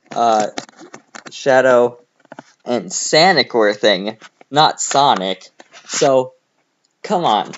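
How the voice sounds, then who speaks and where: Sarcastic man mocking a story. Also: mid-range voice. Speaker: host reading fan fiction aloud. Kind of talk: comedic reading with commentary. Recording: slightly dull home recording with faint noise.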